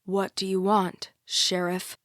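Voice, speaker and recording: A woman's voice: fairly low pitch, flat delivery, a little slow, dry recording, clean studio sound, natural voice. Woman doing a curt, seething father. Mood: curt, defiant. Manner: curt, derisive. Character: angry, tense father, curt and defiant.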